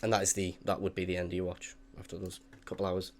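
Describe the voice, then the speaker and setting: A young man narrating as dungeon master, relaxed and hesitant, with many filler pauses. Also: low-pitched, slight background noise. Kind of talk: narrating a tabletop game.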